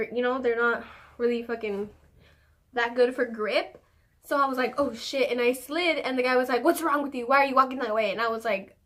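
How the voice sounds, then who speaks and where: Young woman, vlogger, storytime chat, animated, swears a lot, slightly high voice. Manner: animated, swears often, laughs while telling. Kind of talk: casual storytime vlog.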